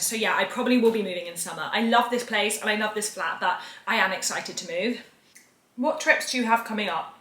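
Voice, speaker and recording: A woman's voice: mid-range voice, bright, forceful tone, a little hiss or hum. A young woman in her twenties, chatting casually and upbeat to camera in her home kitchen. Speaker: vlogger. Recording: echoey room. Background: dishes and cutlery clatter.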